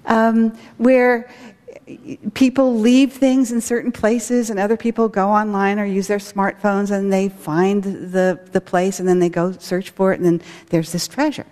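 A woman's voice: medium pitch, level tone, unhurried, darkish tone. A woman who directs a school, giving an earnest spiritual talk with stories. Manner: earnest, storytelling with acted quotes. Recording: long hall reverb.

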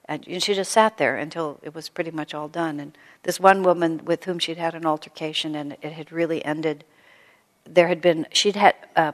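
A woman spiritual teacher giving a gentle storytelling talk to a live audience, full of soft asides. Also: deep voice. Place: hall with an audience. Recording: long hall reverb.

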